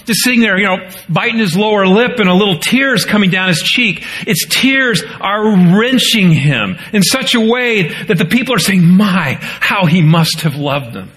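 A man preaching a sermon as pastor, rising into pleading quotes and dropping low and quiet for solemn points. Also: expressive, moderate pace, few pauses.

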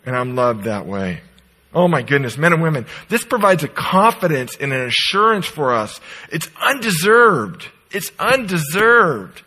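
A middle-aged man preaching a sermon as pastor, emphatic and swinging from loud declarations to soft, quiet asides. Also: mid-range voice, animated, normal speed, poor audio. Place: church sanctuary.

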